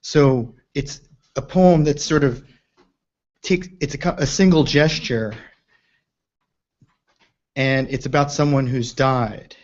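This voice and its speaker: Slow, reflective man on a dull recording. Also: mid-range voice, darkish tone. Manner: reflective, halting, with restarts. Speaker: poetry reader and commentator. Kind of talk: spoken commentary on a poem.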